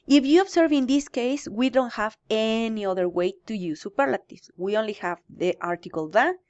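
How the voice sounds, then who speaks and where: A woman's voice: on the high side, normal speed, a little mellow, dull audio. A woman teaching English grammar in a recorded lesson, explaining step by step and answering her own questions.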